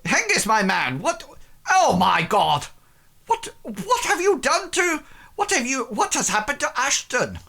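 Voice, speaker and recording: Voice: high voice, huge pitch swings, unhurried, gravelly, sharp tone, pitched above the performer's own voice, full character voice. A game master playing a flustered nobleman. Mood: aghast. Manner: flustered, exclaiming.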